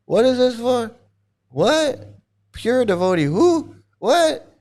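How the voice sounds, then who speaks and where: A man's voice: extremely high pitch, very animated, a little mellow, voice pushed up, full character voice. A man mocking a baffled cult devotee. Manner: incredulous rapid questioning. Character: bewildered male cult devotee, incredulous, mocked.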